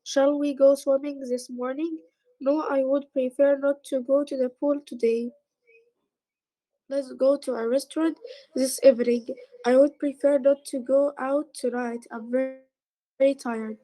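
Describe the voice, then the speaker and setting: A woman's voice: sits high, fairly even intonation, unhurried, dark tone, poor audio. A woman student reading textbook dialogue lines aloud in class. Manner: plain reading of example sentences.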